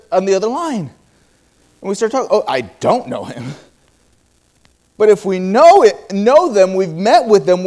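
Male preacher, high-pitched, storytelling sermon with acted-out quotes and frequent restarts. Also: a little mellow.

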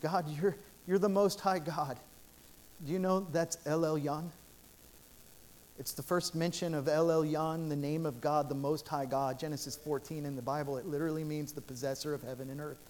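Earnest male pastor preaching, slightly high. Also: steady tone, normal speed, a little mellow. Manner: earnest, repetitive storytelling with restarts. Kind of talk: sermon. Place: church sanctuary.

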